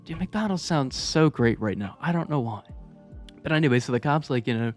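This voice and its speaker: A man's voice: mid-range voice, animated, quick pace, faint music behind. Laid-back, cursing man telling a story. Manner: laid-back, profane, chuckling asides. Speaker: storytelling vlogger. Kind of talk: casual storytime monologue.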